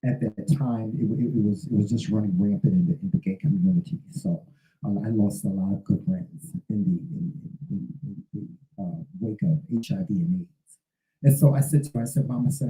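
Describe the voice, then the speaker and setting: A man in his fifties talks unscripted to his listeners, circling back and repeating himself as he goes. His voice is very dark and mellow, and it carries a noticeable echo from the room. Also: lowish voice, lively intonation, brisk. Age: 50s. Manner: rambling, repeats words and restarts often. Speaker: show host. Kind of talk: casual spoken monologue.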